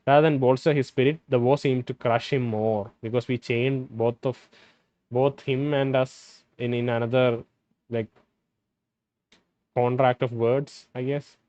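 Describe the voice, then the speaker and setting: A man playing a role-playing game, reading its dialogue aloud and thinking out loud between lines. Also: medium pitch, steady tone, a little slow, dry recording, highs cut off. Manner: hesitant, restarts and fillers, reads dialogue in plain voice. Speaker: gameplay streamer.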